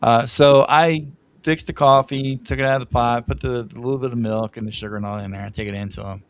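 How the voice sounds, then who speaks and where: A man's voice: medium pitch, fairly even intonation, fairly quick, a little hiss or hum. A man telling rambling family stories on a podcast, laughing often at himself. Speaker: podcast guest. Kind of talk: casual storytelling.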